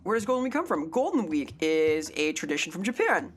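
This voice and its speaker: A young woman hosting a live stream, her voice sitting on the lower side for a woman. She rambles and jokes with a playful, off-the-cuff manner, reading out chat as she goes. Soft music plays faintly behind her. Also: big pitch swings, a little fast. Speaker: variety streamer.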